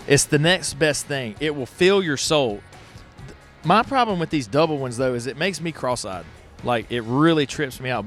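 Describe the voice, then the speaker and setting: A man hosting an unscripted festival walkthrough, excitable and folksy, talking straight to viewers on a handheld mic. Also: mid-range voice. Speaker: host walking a pottery festival. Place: outdoor festival grounds. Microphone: handheld microphone.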